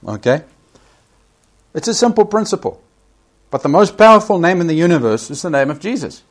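A man's voice: high-pitched, expressive, brisk. A man preaching a sermon, emphatic, repeating key phrases and rising sharply when he quotes scripture.

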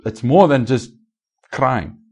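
A man preaching a sermon as pastor, asking the congregation rhetorical questions and swinging between raised and hushed delivery. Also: mid-range voice, lively intonation, slow, breathy edge.

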